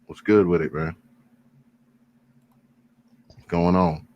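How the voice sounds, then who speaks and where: Deep-voiced laid-back man hosting a live stream. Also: fairly even intonation, darkish tone, highs cut off. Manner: laid-back, laughs often, drawn-out fillers. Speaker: host of live call-in stream. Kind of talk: casual live-stream chat.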